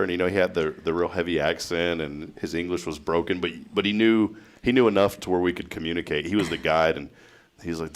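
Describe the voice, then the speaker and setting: A man's voice: low voice, fairly even intonation, fast. A man hosting a casual morning talk show, telling stories and laughing often. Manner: chatty storyteller, laughs often. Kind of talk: casual chat.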